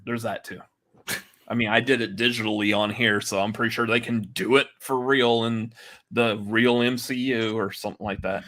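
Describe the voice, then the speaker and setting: A man's voice: lowish voice, fairly even intonation, moderate pace, fairly bright tone. A man hosting a movie podcast in casual, rambling chat, laughing often. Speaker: podcast host.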